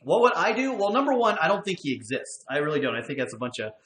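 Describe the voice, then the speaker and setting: A man's voice: a little high, very animated, fast talker, fairly bright tone, echoey room. A man from Western Pennsylvania hosting a casual bar-talk webcast, upbeat and chatty, laughing often. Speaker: podcast host.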